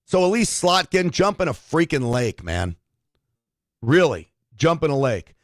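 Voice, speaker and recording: A man's voice: on the high side, big pitch swings, measured pace, no room sound, clean studio sound. A middle-aged man hosting a political talk show, blunt and conversational, reacting to clips and reading viewer comments.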